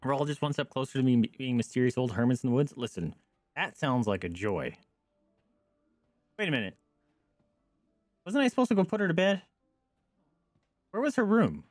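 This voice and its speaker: A man streaming a game, joking and reacting with animated asides as he plays. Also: mid-range voice, normal speed, long pauses, no echo, clean studio sound, faint music behind. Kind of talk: live gameplay commentary.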